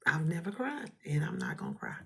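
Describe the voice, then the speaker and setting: A woman giving an emotional spoken testimony in a fervent, preacher-like way, often dropping to a hushed whisper while holding back tears. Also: sits low, huge pitch swings, brisk, gravelly. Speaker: vlogger sharing a testimony.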